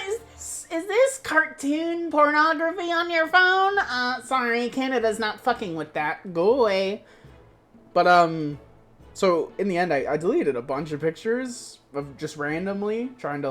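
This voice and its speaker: Streamer from florida ranting about a trip, swears a lot, pitch jumps all over, bit of music behind. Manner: animated, profane, puts on voices for quoted people. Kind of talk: casual storytelling.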